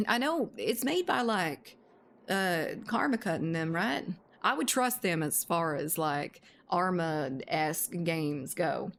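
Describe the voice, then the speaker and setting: A woman's voice: fairly low pitch, very animated, slow pace, gravelly. A woman game streamer in casual live-stream chat, laughing often, swearing freely and answering her viewers.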